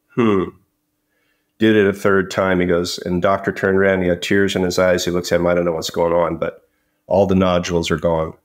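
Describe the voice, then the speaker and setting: A man as an interview guest, telling stories casually and often repeating words. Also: sits low. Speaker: company founder guest. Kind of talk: conversational interview.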